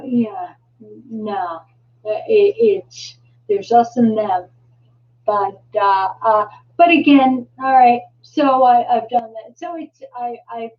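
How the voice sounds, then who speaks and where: High, unhurried woman host, rambling live-stream chat, heard from a distance on a dull lo-fi mic. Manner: rambling, halting, many restarts and fillers.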